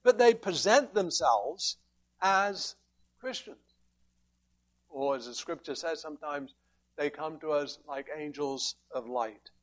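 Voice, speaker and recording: A man's voice: on the high side, expressive, slow, pauses often, a bit bright. A man preaching a sermon, emphatic and fond of rhetorical questions as he works through scripture.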